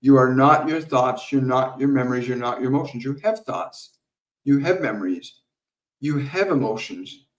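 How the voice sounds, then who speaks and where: Male medium hosting a live stream Q&A, calm and unhurried, repeats his points, sounds roomy and set back from the mic. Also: medium pitch, recorded from a distance. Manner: calm, slow, repetitive teaching with soft laughs. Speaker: spiritual medium answering viewer questions. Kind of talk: live Q&A stream with guided meditation.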